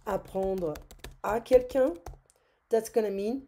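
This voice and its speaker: A French woman with a French accent teaching a grammar lesson, slow and patient, with many "euh" fillers and repeated words. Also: mid-range voice, dark tone.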